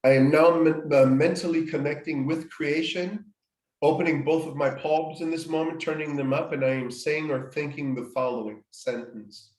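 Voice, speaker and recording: A man's voice: a little high, steady tone, normal speed, a little mellow. A man leading a guided healing workshop, walking listeners through each step with repeated phrases and frequent restarts. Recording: echoey room.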